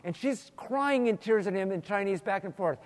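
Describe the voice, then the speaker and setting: A man's voice: sits high, lively intonation, moderate pace. A man teaching the Bible in an earnest, storytelling way, often repeating words as he thinks, in a large hall. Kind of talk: Bible teaching with prayer and stories. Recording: long hall reverb.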